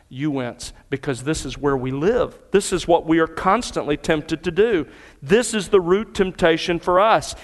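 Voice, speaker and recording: A man's voice: a little high, in a large hall. A man preaching a sermon to his congregation in earnest, building emphasis through repetition. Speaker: pastor. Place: church sanctuary.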